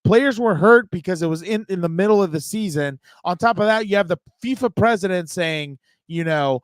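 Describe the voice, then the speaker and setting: A man with a high voice holds court on a sports talk show. He rants with strong opinions in a loose, casual chat. His voice sounds close and dry. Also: expressive, moderate pace, few pauses, no echo. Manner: opinionated, ranting.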